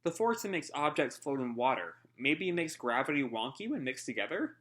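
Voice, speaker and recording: A man's voice: medium pitch, sing-song, fairly quick, a bit bright. A man reading as an explaining robot cat.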